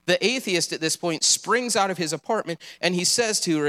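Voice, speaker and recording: Earnest preacher with a slightly high voice. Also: male voice, normal speed, few pauses, bright, forceful tone. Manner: earnest, encouraging, with casual asides. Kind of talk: sermon.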